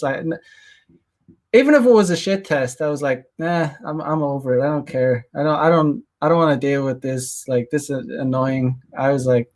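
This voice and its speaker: Halting man rambling through a casual vlog. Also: a little high. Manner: halting, full of fillers and restarts. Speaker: dating coach vlogger. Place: Japan.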